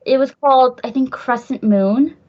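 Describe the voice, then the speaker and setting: A woman's voice: high voice, normal speed, muffled recording. A woman hosting a podcast in casual chat, gushing and rambling, swearing casually. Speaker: podcast host.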